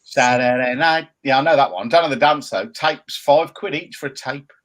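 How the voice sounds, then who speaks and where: Speaking at a normal pace in a mid-range, somewhat bright voice, a male co-host of a laid-back chat show trades jokey banter with his partner, mocks him playfully with impressions, and reads out viewer comments.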